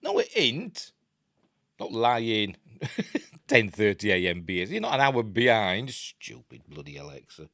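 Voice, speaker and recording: A man's voice: mid-range voice, huge pitch swings, unhurried, vocal fry, fairly bright tone, no echo. A man with a Yorkshire accent hosting a live news stream, reading articles aloud with chatty, joking asides.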